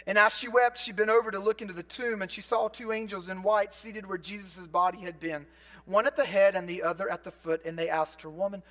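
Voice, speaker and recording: A man preaching a sermon as a pastor, conversational, moving between loud emphatic bursts and quiet, low asides.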